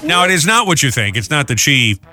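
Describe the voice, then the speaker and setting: A man's voice: medium pitch, big pitch swings, fairly quick, pushed and bright, soft background music. A man hosting a morning show, reading headlines and joking in playful banter. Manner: jokey, slips into silly put-on voices.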